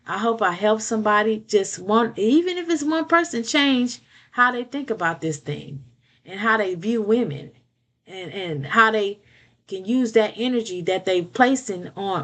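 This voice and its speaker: Older woman, fairly high voice, preachy, emphatic, casual monologue. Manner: preachy, emphatic, repeats words, asks "okay?". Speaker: vlogger giving advice. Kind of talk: casual advice monologue to camera.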